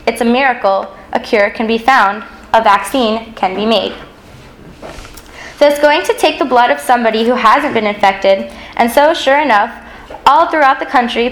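A woman telling a dramatic story in the second person, earnest and suspenseful, slowing down at the heavy moments. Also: fairly high pitch, fairly bright tone, a little hiss or hum, rough recording.

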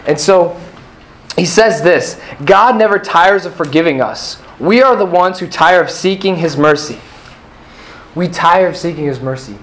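A man's voice: on the high side, animated, a little slow, a bit bright. Earnest young man, echoey room. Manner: earnest, personal testimony with many fillers. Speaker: retreat speaker. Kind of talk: faith talk to a youth audience. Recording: echoey room with faint ambience.

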